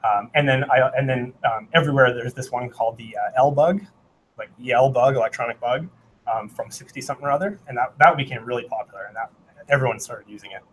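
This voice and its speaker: A man's voice: mid-range voice, fast talker, slight background noise, poor audio. A man giving a casual technical talk at a meetup. He rambles with many fillers and restarts, and he sings out beeping rhythms as he demonstrates. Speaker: meetup presenter. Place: meetup room.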